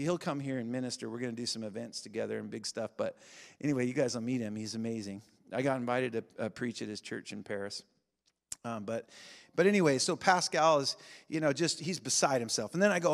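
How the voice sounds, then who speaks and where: A man preaching a sermon, telling stories in an animated way that builds to shouted fervor. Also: mid-range voice, gravelly. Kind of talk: sermon storytelling. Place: church sanctuary. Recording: long church hall reverb.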